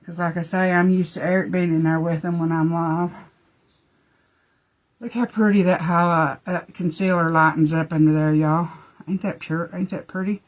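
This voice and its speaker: A woman's voice: lowish voice, fairly even intonation, moderate pace, highs cut off. A woman chatting folksily through a live makeup demo, talking to her dogs between steps.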